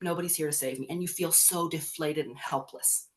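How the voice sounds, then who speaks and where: Woman podcast co-host, chatty and animated, keeps doing little voices for kids and parents. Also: deep voice, brisk. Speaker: works with young schoolchildren. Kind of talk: casual parenting discussion.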